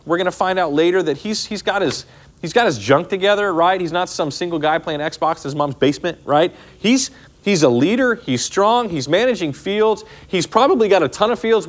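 Animated, lively-pitched male Bible teacher. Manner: animated, acts out characters in quotes, frequent "right?" and "okay?". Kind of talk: casual Bible study teaching.

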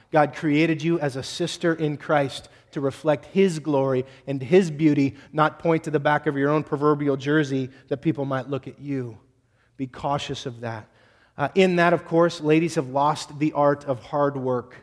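Male pastor, blunt and exhorting, slightly high voice, teasing sermon delivery.

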